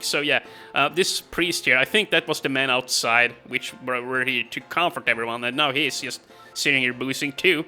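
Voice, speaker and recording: A man's voice: medium pitch, normal speed, sharp tone, faint music behind. A man casually commenting on a game he plays, chatty and rambling, with frequent laughs and fillers. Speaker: let's play commentator.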